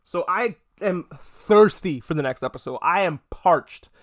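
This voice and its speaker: A man with a high voice hosts a casual podcast recap. He talks in an animated, gossipy way, swears freely and tosses in quick mock voices as he tells the story. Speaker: podcast host.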